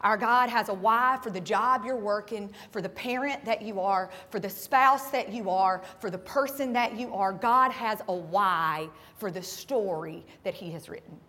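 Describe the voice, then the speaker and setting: A woman's voice: mid-range voice, moderate pace, hardly any pauses, bright, forceful tone, long reverb tail. A woman pastor preaching a sermon in a church, asking her listeners direct questions and building to impassioned cries. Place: church sanctuary.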